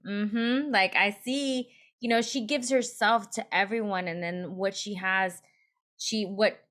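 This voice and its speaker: A woman hosting a podcast in relaxed conversation, laughing often and thinking aloud. Her voice sits at an ordinary middle pitch. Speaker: podcast host. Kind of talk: casual chat.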